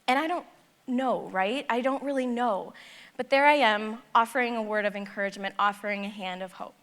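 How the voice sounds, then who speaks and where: A woman giving a personal storytelling talk at a conference, animated and acting out the dialogue. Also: fairly high pitch, brisk. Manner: animated, acts out dialogue in her stories. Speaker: conference speaker. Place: large conference hall. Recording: long hall reverb.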